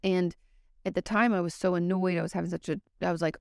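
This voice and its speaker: A woman's voice: on the low side, steady tone, fast talker, gravelly, clear, resonant tone, dry recording. A woman therapist talking casually and candidly to her viewers, giving advice and now and then swearing. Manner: candid, conversational, occasionally swears.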